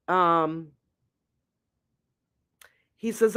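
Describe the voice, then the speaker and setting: A man hosting a true crime show, reading his trial notes aloud in a slow, deliberate, halting way. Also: high voice, lively intonation, a bit bright.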